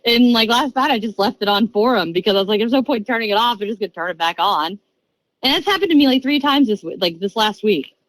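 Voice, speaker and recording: Woman in her 30s on a podcast, animated storyteller, does little voices for quotes, dead dry mic. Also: a little high, dry recording, poor audio. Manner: quick, chatty bursts with many fillers. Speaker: podcast guest. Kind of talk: casual storytelling.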